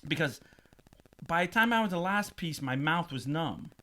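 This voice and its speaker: A man with a high, bright voice that swings widely as he tells a comic story on a casual podcast. He laughs often and puts on quick voices for the people in his tale. His delivery is animated and loose throughout. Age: adult, past twenties. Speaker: podcast host.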